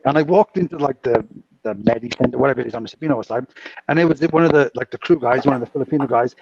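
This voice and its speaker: Gravelly, animated man in his fifties. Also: mid-range voice, fast, no room sound, dull audio. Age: 50s. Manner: animated, laughing storyteller. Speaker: guest telling stories. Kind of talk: casual chat.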